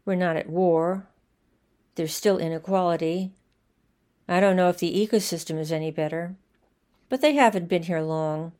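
Woman reading as an earnest defensive young woman, lowish voice, audiobook. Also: moderate pace, pauses often, a little mellow, lightly acted.

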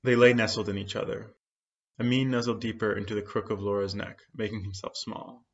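A man reading a literary story in a measured, quiet way. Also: on the low side, level tone. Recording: dull lo-fi sound.

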